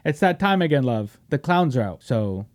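A male podcast host on a heated, profane rant. He mocks and jeers, jumping from loud outbursts to low grumbles. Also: big pitch swings, moderate pace. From Washington State, US.

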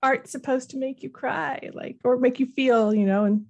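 A woman's voice: high-pitched, normal speed, vocal fry, dull audio. A woman hosting a podcast interview, chatty and enthusiastic, with many "like"s and fillers. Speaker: podcast host. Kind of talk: casual interview chat.

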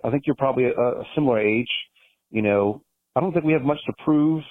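A man in his thirties leaving a voicemail for a podcast, halting and full of fillers. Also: mid-range voice, dry recording. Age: 30s. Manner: hesitant, many fillers. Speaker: caller. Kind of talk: voicemail message. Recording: tinny phone voicemail.

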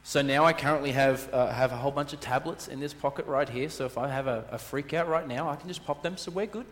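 A man's voice: mid-range voice, fast talker, faint music behind. A married male pastor preaching a sermon, telling stories animatedly and acting out voices. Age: adult, married. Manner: animated storyteller, acts out voices, repetition for emphasis. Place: church hall. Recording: long reverb of a church hall.

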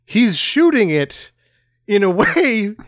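Sarcastic man with a dry, lively voice. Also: high voice, no room sound. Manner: sarcastic, quick to complain, lively storytelling. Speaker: podcast co-host. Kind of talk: casual bad-movie commentary.

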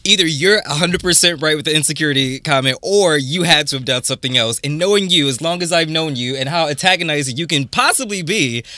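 A man's voice: fairly high pitch, fast, hardly any pauses, sharp tone, dry recording, clean studio sound. A man co-hosting morning radio, ribbing his colleague emphatically. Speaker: radio co-host.

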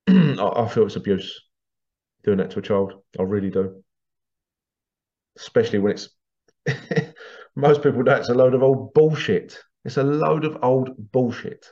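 A man's voice: medium pitch, measured pace, pauses often, warm tone, muffled recording. A man hosting a podcast monologue, ranting in an indignant, sarcastic way and swearing casually. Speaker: podcast host.

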